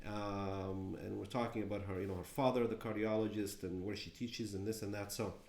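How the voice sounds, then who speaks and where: A man answering questions as a client, hesitant with many fillers, then picking up in animated bursts. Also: on the low side, a little fast. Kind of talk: casual answers in a Q&A. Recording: echoey room.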